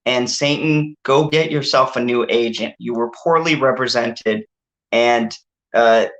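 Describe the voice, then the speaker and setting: Guy hosting a chill movie review stream, rambles a lot, lots of uhs, mid pitch. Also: a little slow, fairly bright tone, low-quality recording. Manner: rambling, laughing, frequent fillers. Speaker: channel host. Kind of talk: casual movie review chat.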